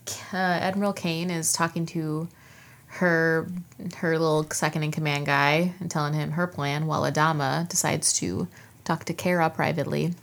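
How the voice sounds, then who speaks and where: Low-pitched woman with a gravelly voice. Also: fairly even intonation, normal speed. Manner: laughs often, acts out characters' lines. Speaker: podcast co-host. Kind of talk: casual TV recap chat.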